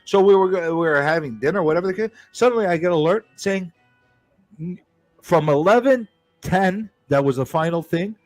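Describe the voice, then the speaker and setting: Animated, profane man telling a story. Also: sits high, moderate pace, no echo, faint music behind. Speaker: live stream host. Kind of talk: casual storytelling on a live stream.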